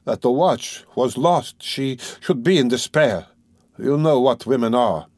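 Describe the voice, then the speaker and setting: A man's voice: mid-range voice, animated, normal speed, no room sound, clean studio sound, voice pushed up, lightly acted. A man voicing a tense, evasive young student who talks hesitantly and anxiously. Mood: nervous. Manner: hesitant, anxious, fake-casual.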